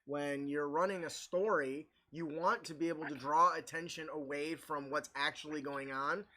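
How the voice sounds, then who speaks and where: A man's voice: fairly high pitch, fairly even intonation, normal speed, pushed and bright. A man hosting a casual panel discussion, upbeat and steering the talk toward the others. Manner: upbeat, guides the talk, asks others to weigh in. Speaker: podcast host leading the segments.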